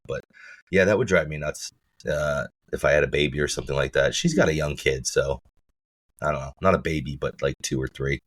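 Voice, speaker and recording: A man co-hosting a podcast in casual chat, his voice rough and froggy from feeling unwell, rambling and restarting sentences. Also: extremely low pitch, a bit bright. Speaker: podcast co-host.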